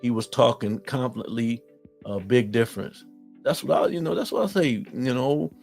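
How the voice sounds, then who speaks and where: Animated middle-aged man from Ohio with folksy slang. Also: mid-range voice, moderate pace, vocal fry, soft background music. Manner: animated, talks straight to viewers, folksy slang. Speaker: host reading live chat. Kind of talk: casual live-stream chat.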